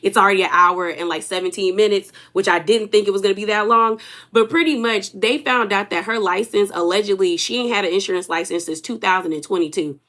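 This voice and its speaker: A woman's voice: mid-range voice, fairly quick. A woman hosting a casual reality TV recap, animatedly acting out what the cast said. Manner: animated, acts out cast members' lines. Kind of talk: casual chat.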